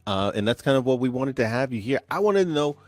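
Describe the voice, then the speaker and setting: Male podcast host, upbeat introducer, mid pitch, dry close mic. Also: fast talker, no echo. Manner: energetic, hype introductions with laughter. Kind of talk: upbeat show hosting.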